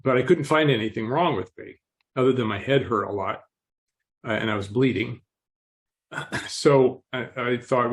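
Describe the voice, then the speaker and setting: Calm man clearing his throat. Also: medium pitch, normal speed. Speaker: podcast guest. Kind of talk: interview storytelling.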